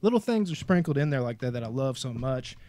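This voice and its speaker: A man from Kentucky hosting a casual movie podcast, excitable and profane, calling everyone dude. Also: medium pitch, fast, no room sound. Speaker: podcast host.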